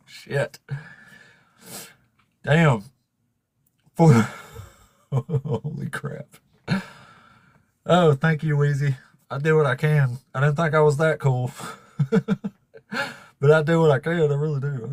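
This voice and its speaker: A man hosting a casual livestream, laughing and swearing as he thanks viewers, emotional and fighting back tears in a raspy voice. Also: mid-range voice, no echo, clean studio sound. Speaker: livestream host.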